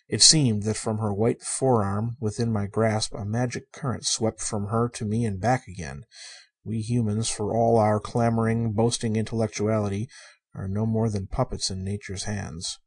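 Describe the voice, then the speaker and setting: Male audiobook reader, husky and low, measured emotive first-person narration. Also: steady tone. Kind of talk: storybook reading.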